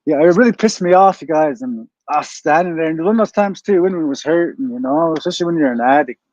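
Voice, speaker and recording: A man's voice: fairly high pitch, animated, fast talker, a little mellow, no room sound. Rambling, profane man telling stories. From Canada. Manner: rambling, profane, keeps saying "you guys". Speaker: streamer. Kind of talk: casual storytelling to viewers. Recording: dull lo-fi dry sound.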